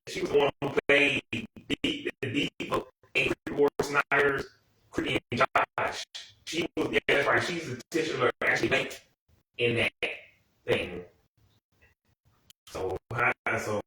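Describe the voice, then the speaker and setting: A man's voice: mid-range voice, sharp tone. A man in his early thirties casually recapping old TV episodes, rambling and profane, full of asides and restarts. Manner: rambling, meandering, profane, frequent "anywho" asides. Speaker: show recap host. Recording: echoey room, mic far off.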